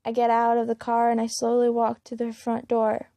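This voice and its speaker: A woman's voice: fairly high pitch, completely flat delivery, normal speed, gravelly, dark tone, no echo. A woman reading a first-person fan story aloud in a plain way, with small slips and restarts. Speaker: fan-fiction reader.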